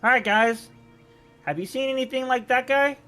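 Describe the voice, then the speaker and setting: A man squeaking as a greedy little raccoon. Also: moderate pace, pushed and bright, faint music behind. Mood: greedy, begging. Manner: high squeaky pleading, repeats itself. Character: greedy chittering raccoon, small, pushy.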